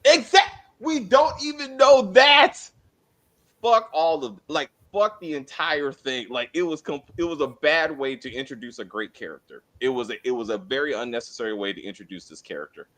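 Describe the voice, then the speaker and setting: Man, review co-host, high and lively voice, exasperated and profane. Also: normal speed. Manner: animated, exasperated ranting with profanity. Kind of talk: casual spoiler review chat.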